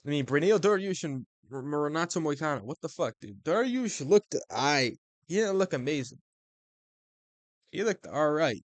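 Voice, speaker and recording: Excitable young man ranting about fights. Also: on the high side, normal speed, no room sound. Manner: excitable, profane, bro slang. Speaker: MMA commentator. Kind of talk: casual fight recap.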